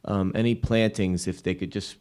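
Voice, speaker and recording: A man's voice: low-pitched, steady tone, normal speed, darkish tone, clean tone. A man chairing a town board meeting, thanking speakers with friendly, rambling asides. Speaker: board chair running public comment.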